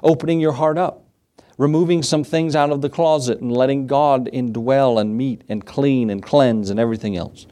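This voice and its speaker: A man's voice: mid-range voice, moderate pace, dark tone. A male pastor delivering an evening sermon to a small congregation. His voice climbs and presses forward whenever he acts out a pleading prayer, then settles back into plain teaching as he reads the verses aloud. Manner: impassioned preaching, rising for quoted prayers. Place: small church.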